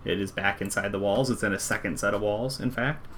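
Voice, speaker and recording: A man running a tabletop game as game master, narrating in a relaxed, rambling way. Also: on the low side, fairly quick, slight background noise. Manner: relaxed, rambling wrap-up with fillers.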